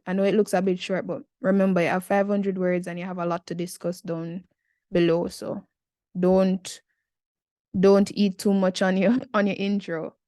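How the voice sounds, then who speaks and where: A Jamaican woman in her twenties talks through an essay in a casual, chatty tutorial, tossing in slangy asides. Her pitch is fairly low and a little mellow, and the studio-quality recording has no echo.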